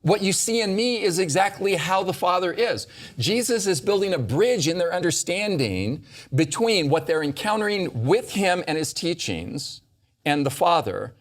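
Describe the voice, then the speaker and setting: Male host, lively pitch, emphatic scripture teacher at a discussion table. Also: normal speed. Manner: emphatic, quotes scripture with dramatic stress. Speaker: host leading a Bible study discussion. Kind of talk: animated teaching in a round-table talk.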